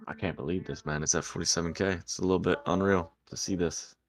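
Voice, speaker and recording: A man hosting a live trading stream, talking through charts with excited, cussing commentary. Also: deep voice, fast talker. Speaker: livestream host trading. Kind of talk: casual livestream chat.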